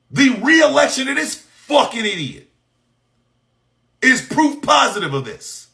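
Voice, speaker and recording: A man delivering an impassioned, profane monologue, shouting in bursts and firing off mocking rhetorical questions. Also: extremely high pitch, sing-song, unhurried, gravelly, pauses often.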